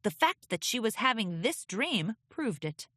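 A woman reading a children's storybook aloud with expressive, lilting narration. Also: a little high, a little slow, dry recording, studio quality. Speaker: audiobook reader.

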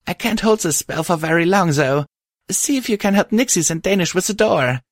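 A man voicing a protective winged unicorn pony hero, giving strained, shouted orders. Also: sits high, lively intonation, moderate pace, dry recording, clean studio sound, voice pushed up. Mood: breathless.

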